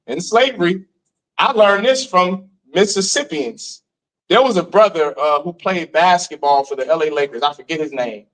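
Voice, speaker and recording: A man giving an animated lecture to a live class, often questioning his listeners. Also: sits high, moderate pace. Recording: voice from far off.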